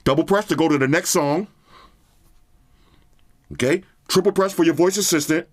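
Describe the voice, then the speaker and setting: A man's voice: fairly high pitch, moderate pace, no echo, studio quality. A man casually reviewing earbuds on his channel, chatting straight to viewers in slang. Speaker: product reviewer. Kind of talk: casual tech review vlog.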